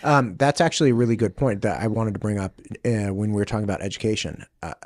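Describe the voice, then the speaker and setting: A man in his forties hosting a podcast interview, talking in a casual, animated way with rambling tangents and lots of fillers. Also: fairly low pitch, fast talker, dry recording, clean studio sound. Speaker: podcast host.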